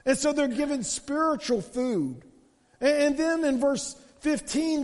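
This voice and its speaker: A man's voice: extremely high pitch, a little mellow, in a large hall. A pastor preaching a sermon, often repeating his opening words as he starts a sentence.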